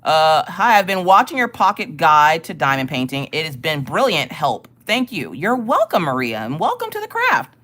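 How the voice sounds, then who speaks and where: Low, lively woman streamer. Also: moderate pace, hardly any pauses. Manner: animated, profane storytelling with frequent laughter. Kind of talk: casual live-stream chat.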